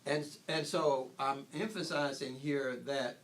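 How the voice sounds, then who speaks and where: A man's voice: mid-range voice, steady tone, slow pace, a little hiss or hum. An older man giving an informal spiritual talk, rambling with frequent restarts and chuckling at his own points. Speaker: spiritual teacher.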